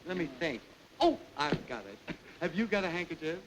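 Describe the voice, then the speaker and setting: A man's voice: fairly high pitch, very animated, moderate pace. A man hosting a revue, rambling through a comic sketch in a mock-pompous, playful way. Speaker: master of ceremonies. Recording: hissy 1929 film soundtrack.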